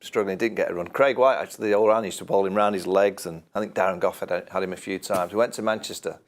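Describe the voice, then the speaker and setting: A man with a fairly low voice, a cricket pundit telling an anecdote in a casual studio chat. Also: steady tone, fast. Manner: storytelling with laughs, restarts.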